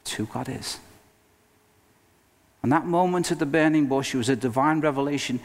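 A male pastor preaching a sermon in an earnest, emphatic way, with dramatic pauses. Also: on the high side. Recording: long reverb of a hall.

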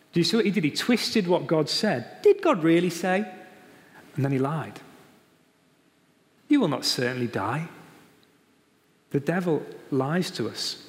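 A man preaching a sermon, stressing key phrases and repeating them slowly. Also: a little high, long reverb tail. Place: church.

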